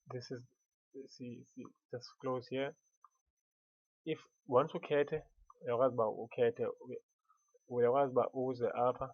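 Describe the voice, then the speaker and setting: A man with a Xhosa accent walking through a software tutorial, switching between Xhosa and English and stopping to restart words often. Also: medium pitch, no echo, dull audio. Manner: mixes Xhosa and English, halting with many restarts. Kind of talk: screen-recorded software tutorial.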